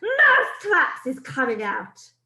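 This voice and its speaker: A woman voicing a cruel old female witch leader in a put-on foreign accent, shouting and chanting in a sing-song way. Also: high-pitched, very animated, a little slow, echoey room, pitched above the performer's own voice, exaggerated voice, rough recording. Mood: gloating.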